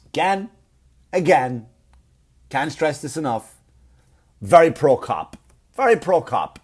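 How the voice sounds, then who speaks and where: A man's voice: on the high side, sing-song, takes it slowly, slightly rough. A man, hosting a comedy podcast and telling a story as a rant, full of swearing and acted-out quotes. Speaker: podcast host.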